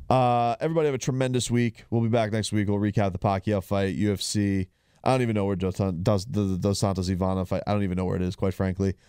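A man's voice: deep voice, dark tone, clean tone, dry recording, studio quality. A man hosting a combat sports show, talking casually with many fillers and restarts. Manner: rambling, frequent fillers and restarts. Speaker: podcast host.

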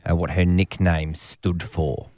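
A man co-hosts a breakfast radio show in relaxed, teasing banter. His voice is very low. The studio sound is dry and close. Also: unhurried, dry recording. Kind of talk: casual radio chat.

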